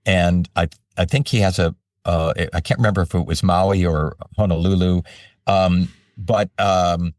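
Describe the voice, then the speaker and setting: An older man with a deep, low voice tells animated stories as an interview guest. He sits a little back from the microphone in a dry, dead-sounding room. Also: a little slow, no room sound, recorded from a distance. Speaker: voice-over artist and guest. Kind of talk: casual interview storytelling.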